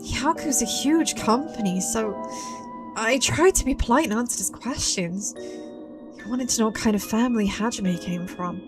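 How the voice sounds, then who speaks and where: Grieving young hairdresser in a video game, voiced by a female streamer; soft, subdued, high-pitched. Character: grieving young woman hairdresser recalling her past.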